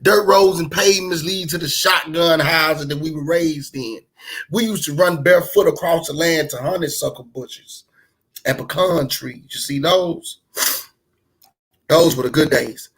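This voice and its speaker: A man's voice: on the high side, measured pace, a bit bright, slightly rough, low-quality recording. A man from Memphis with a Southern US accent, performing spoken word poetry in a rhythmic, emphatic rhyming delivery. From Memphis, Tennessee.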